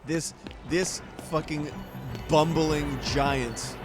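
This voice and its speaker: A man's voice: on the high side, fairly even intonation, drawn-out words, over music. A man streaming a video game, chatting casually in a loose, rambling way and swearing freely. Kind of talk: casual chat while gaming.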